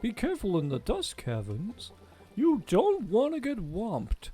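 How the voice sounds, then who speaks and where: Man doing a cheery toad miner, bouncy pitch, slow sing-song, game voice. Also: huge pitch swings, dark tone, heavily acted. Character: jolly toad mine master, male.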